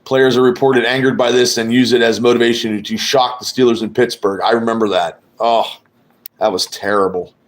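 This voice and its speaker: A man's voice: mid-range voice, steady tone, moderate pace. Guy rambling on a live sports stream, swears a lot, trash talks, regular mid voice. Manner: rambling, profane, trash-talking. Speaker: podcast host. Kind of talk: casual live-stream chat.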